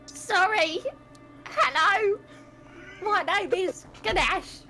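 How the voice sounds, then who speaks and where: A woman playing her disguised character, who fakes a goblin voice in a tabletop role-play, talking in a halting, put-on way. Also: extremely high pitch, loud music behind the voice, voice pushed up, full character voice, rough recording. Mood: bluffing. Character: disguised player character faking a gruff goblin.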